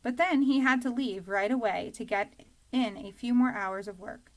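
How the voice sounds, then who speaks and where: A woman narrating a children's storybook in a calm, even reading voice. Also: a little high, moderate pace. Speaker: audiobook reader.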